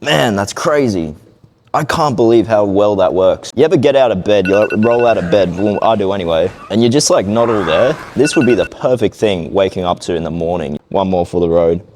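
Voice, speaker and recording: A man's voice: on the low side, fairly quick, darkish tone, slight background noise, poor audio. A man vlogging casually from a gym, chatty and hyped as he talks through his workout. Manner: hyped, chatty, self-amused. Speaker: fitness vlogger. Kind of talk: casual vlog commentary.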